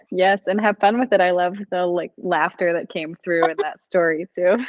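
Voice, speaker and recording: A woman podcast host speaking in a gentle, reflective, somewhat hesitant way. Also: lowish voice, no echo, highs cut off. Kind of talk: casual conversation.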